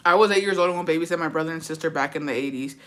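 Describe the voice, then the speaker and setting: Reacting to viewer comments she reads out one by one, this woman vlogger talks very fast in a low-sitting voice with a bright, ringing tone. She's blunt and slangy, swears freely and tells animated stories.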